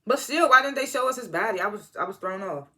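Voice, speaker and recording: Bright-voiced, rambling TV episode reviewer. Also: medium pitch, quick pace. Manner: animated, rambling, self-correcting; excited exclamations. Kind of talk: casual episode recap.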